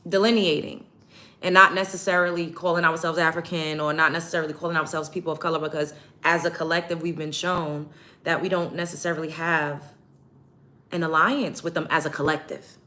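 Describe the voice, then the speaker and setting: A woman's voice: low-pitched, little pitch movement, brisk, pushed and bright. A woman host talking casually to her livestream chat while getting ready. She is blunt and emphatic and repeats her points for stress. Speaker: show host.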